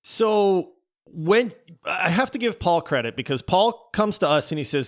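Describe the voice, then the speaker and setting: Male podcast co-host, playful and bantering, slightly high voice. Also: expressive, measured pace. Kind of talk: casual podcast chat.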